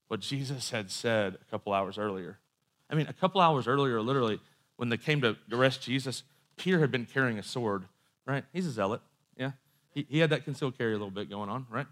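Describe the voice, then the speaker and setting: A man's voice: mid-range voice, bright, forceful tone. A man preaching a sermon in a conversational storytelling way, with asides and quoted voices.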